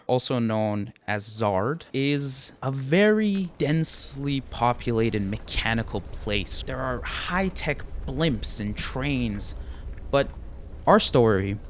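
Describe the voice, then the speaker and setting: A man's voice: mid-range voice, very animated, slow. A man narrating as game master, describing scenes in detail and sometimes repeating words as he thinks.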